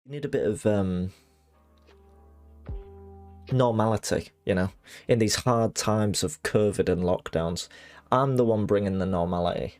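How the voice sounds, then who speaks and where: A man commentating live gameplay, excitable, swearing and shouting at the game. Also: on the low side, a little slow, pauses often. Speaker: game streamer. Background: game music.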